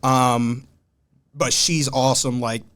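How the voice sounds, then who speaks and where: A man from Ohio, a podcast guest, telling stories in a relaxed, slangy way. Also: medium pitch, slow pace. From Columbus, Ohio. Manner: laid-back, slangy storytelling. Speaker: podcast guest, hat designer. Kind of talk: casual conversation.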